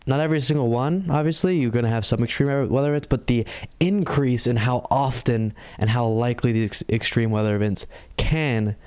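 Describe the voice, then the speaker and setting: A man at an ordinary middle pitch hosts a live stream and reacts to clips as they play. He talks in a loose, conversational way, explaining his points and pushing back on what he hears. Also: fairly quick, a little mellow, clear, resonant tone. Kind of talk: live commentary.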